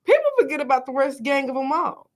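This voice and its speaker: A woman's voice: high voice, fast talker. A young woman from North Carolina, co-hosting a casual podcast chat and joking in slang. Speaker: podcast co-host.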